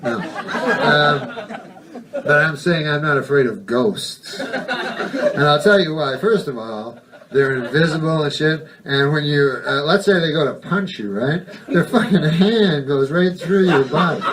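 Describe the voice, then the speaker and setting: Rambling deadpan male stand-up comic. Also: a little high, far from the mic, background noise. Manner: rambling, digressive, deadpan, heavy swearing. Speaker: stand-up comedian. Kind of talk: stand-up comedy routine.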